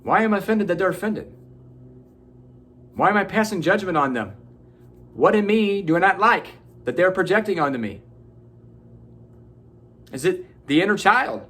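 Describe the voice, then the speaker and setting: A man's voice: high voice, lively intonation, moderate pace, long pauses, a bit bright, slightly rough. A man giving an earnest, preachy motivational self-help talk, swearing casually. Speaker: motivational vlogger.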